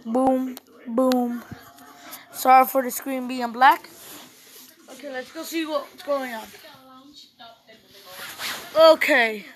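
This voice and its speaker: A young gamer casually commenting on a strategy game she plays, rambling to herself and giving shout-outs to viewers. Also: high-pitched, steady tone, takes it slowly, pauses often, poor audio. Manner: rambling, talks to herself while playing. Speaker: gaming channel host.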